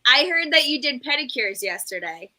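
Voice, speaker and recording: A woman's voice: high-pitched, big pitch swings, moderate pace, bright, forceful tone, rough recording. A woman hosting a casual chat over a video call, teasing and laughing with her guests. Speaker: host.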